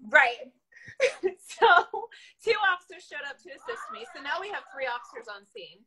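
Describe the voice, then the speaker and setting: A woman, an animal control officer, telling a story from her work in an animated, casual way, laughing often. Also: sits high, normal speed, noisy background.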